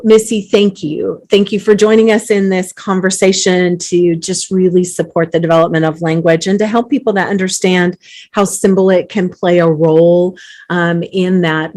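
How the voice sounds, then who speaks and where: A woman with a slightly low voice hosts a conversational interview. She speaks with enthusiasm, leaning hard on her emphasis. She often repeats a word as she starts a phrase. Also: darkish tone. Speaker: host, company CEO.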